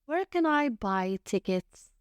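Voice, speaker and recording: A woman teaching English, reading short everyday phrases one at a time with careful, deliberate enunciation and pauses between them. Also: fairly high pitch, sing-song, clear, resonant tone, no room sound, dull audio. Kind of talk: slow phrase-by-phrase reading for learners.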